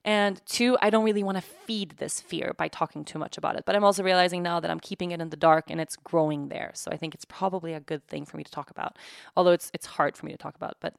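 A tired woman in her thirties speaks candidly into a close mic, her lowish voice full of gravelly fry. She talks in halting, emotional bursts with restarts. The room sounds dry and close. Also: fairly even intonation, dry recording. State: tired from sleepless nights. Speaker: podcast host. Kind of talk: candid personal monologue.

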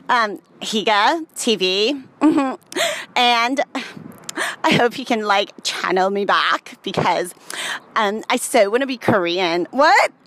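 A woman's voice: on the high side, fairly bright tone. A woman doing a comedic skit vlog, giddy and playful, trying on voices. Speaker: vlogger.

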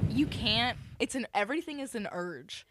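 A woman's voice: on the high side, expressive, unhurried, a little hiss or hum. A young woman in casual chat, blunt and swearing freely, acting out what other people say.

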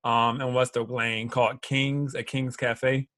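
A man's voice: medium pitch, level tone, measured pace, fairly bright tone, no room sound. A man from Philadelphia hosting a casual interview, mostly giving short agreeing replies.

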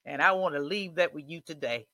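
Male preacher, slightly high voice, dry recording, swells to shouts. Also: fairly quick, dry recording. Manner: rising to shouted declarations. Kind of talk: sermon.

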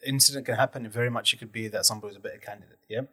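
A man's voice: medium pitch, fairly even intonation, rapid-fire, bright, forceful tone. A man hosting a casual podcast chat, explaining his views thoughtfully and at length.

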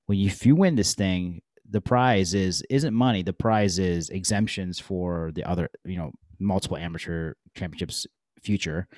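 Man in his 40s, low voice, lively casual storyteller on a dry close mic. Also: no echo. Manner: animated, chatty storyteller. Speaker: podcast guest.

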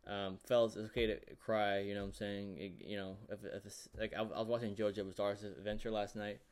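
A man vlogging a casual, rambling recap of a show, full of fillers and excited reactions. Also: fairly low pitch, brisk. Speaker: YouTuber.

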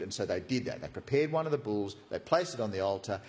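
A man's voice: on the low side, expressive, fast talker, hardly any pauses. A man preaching a sermon, retelling a Bible story with playful, conversational asides.

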